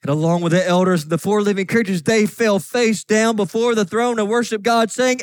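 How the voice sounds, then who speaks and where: A man preaching a sermon as pastor, reading scripture aloud with fervent emphasis that rises to shouts. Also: sits high, steady tone, fairly quick, few pauses, clear, resonant tone, no room sound. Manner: fervent, rising to shouts on key points.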